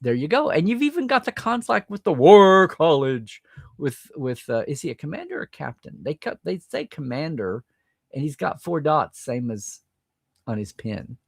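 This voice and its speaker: Animated man reading live chat. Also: fairly high pitch, normal speed, creaky, no room sound. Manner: animated, chatty, reads viewer comments aloud and reacts.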